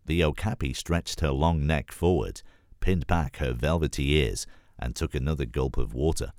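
A man reads a children's animal story aloud for an audiobook audition, telling it clearly and steadily. His voice is extremely deep. The recording is close to the mic and dry, with no room sound. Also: moderate pace, a little mellow, no room sound. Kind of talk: scripted storybook narration.

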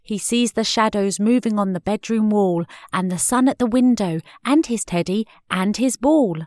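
Expressive woman reading a storybook. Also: medium pitch, moderate pace, hardly any pauses, dry recording, studio quality.

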